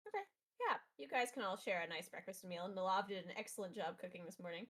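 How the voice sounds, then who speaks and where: A woman narrating as game master, relaxed and chatty with many fillers. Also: medium pitch, quick pace.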